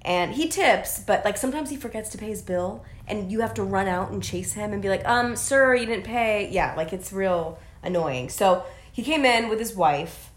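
A woman's voice: mid-range voice, normal speed, hardly any pauses. A young woman in her twenties, a waitress, telling a gossipy story in casual chat, acting out the people in it. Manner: gossipy, animated storytelling with quoted voices. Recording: echoey room.

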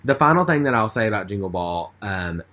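A man's voice: lowish voice, animated, fairly quick, a bit bright. A man telling a story in casual chat, rambling with lots of fillers. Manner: rambling, chatty, with many fillers.

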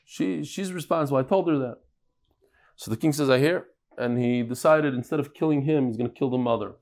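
A man teaching a daily Talmud class, lively and joking, telling stories and mixing Hebrew and Yiddish terms into English. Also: mid-range voice, a little fast.

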